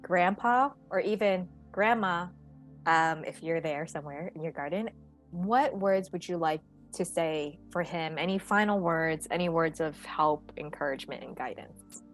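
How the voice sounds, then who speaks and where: A woman asking hesitant, earnest questions in a casual session, with soft music behind her. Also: low-pitched, measured pace.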